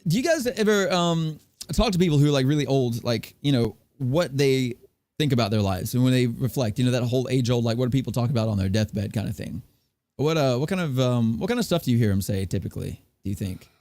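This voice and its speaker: A man's voice: mid-range voice, lively intonation, quick pace, darkish tone, dry recording. A man hosting a casual podcast chat, rambling with lots of fillers and restarts. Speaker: podcast host.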